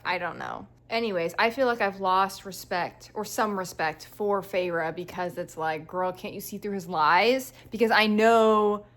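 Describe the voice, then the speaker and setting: A young woman chats to camera about what she is reading, casual and animated. She leans on "like" and slips into playful mock quotes of the characters. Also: medium pitch. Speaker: book vlogger.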